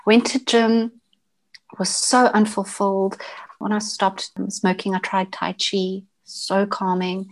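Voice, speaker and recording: A woman, sharing a personal story as an interview guest in a casual, halting way, often restarting and repeating words. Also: mid-range voice, flat delivery.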